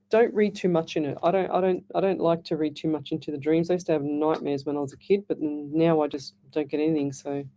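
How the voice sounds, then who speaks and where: A woman's voice: deep voice, steady tone, fairly quick, mellow. A middle-aged woman hosting live radio psychic readings, chatting in a rambling way with frequent restarts. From Australia. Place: radio studio.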